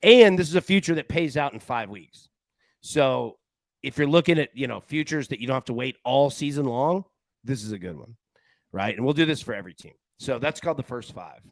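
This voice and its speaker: A man hosting a sports betting show in casual chat, an animated, rambling storyteller who often restarts his sentences. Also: mid-range voice, no room sound. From Tennessee.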